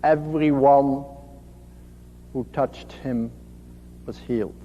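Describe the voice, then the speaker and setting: A man preaching a sermon slowly and gently, his voice dropping to a soft hush on tender phrases. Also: mid-range voice, fairly even intonation, a little hiss or hum. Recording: dull lo-fi recording in a reverberant hall.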